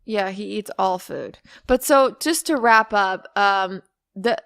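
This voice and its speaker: A woman's voice: mid-range voice, slow pace, no echo, studio quality. A woman co-hosting a comedy podcast, telling stories animatedly, acting out what people said and swearing freely. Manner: animated storytelling, acts out quotes. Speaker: podcast co-host. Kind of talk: casual comedic chat.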